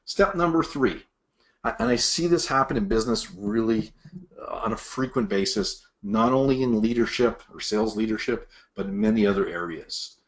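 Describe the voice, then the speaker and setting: His voice sits on the low side at a normal speed. A middle-aged sales leadership trainer, he gives an animated presentation-style master class to sales managers, voicing the bosses and reps he quotes.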